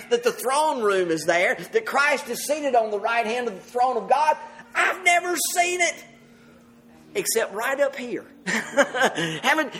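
A man's voice: very high-pitched, bright, forceful tone. A man preaching a sermon to a congregation, earnest and often laughing as he speaks. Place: church service with congregation.

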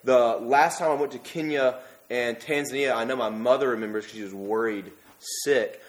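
Young male preacher, conversational sermon delivery, animated with sudden emphatic peaks. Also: medium pitch, normal speed.

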